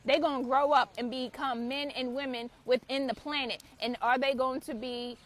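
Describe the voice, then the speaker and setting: High-voiced woman preaching bluntly. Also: steady tone, normal speed. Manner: blunt and preachy, swears freely. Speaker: spiritual author and channel host. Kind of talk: impassioned spiritual talk to camera.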